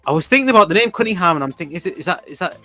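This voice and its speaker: A man's voice: sits high, expressive, rapid-fire, bright, forceful tone, faint music behind. Easygoing man chatting. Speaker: podcast co-host. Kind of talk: casual chat, film review.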